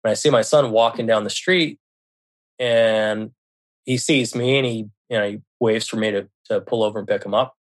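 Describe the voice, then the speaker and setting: A man's voice: lowish voice, steady tone, moderate pace. A man from Seattle telling a personal story as a podcast guest, retelling conversations with frequent restarts and occasional swearing. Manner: emotional retelling with frequent restarts, quotes himself and others; swears when upset. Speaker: podcast guest, left-behind parent.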